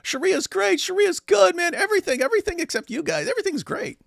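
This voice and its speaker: A man putting on a sarcastic, gushing parody of a male political pundit in a much higher voice. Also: animated, quick pace, gravelly, fairly bright tone, no room sound, clean studio sound, exaggerated voice. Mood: mocking gush.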